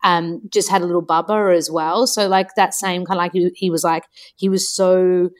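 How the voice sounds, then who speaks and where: An Australian woman hosting a podcast, telling a story in a chatty, expressive way. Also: fairly low pitch, moderate pace. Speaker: podcast host. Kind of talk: casual conversation.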